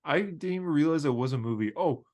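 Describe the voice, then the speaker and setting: A man's voice: on the high side, expressive, fast talker, a little mellow. A young man co-hosting a casual podcast over a video call, rambling and laughing often. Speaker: podcast co-host. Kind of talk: casual chat.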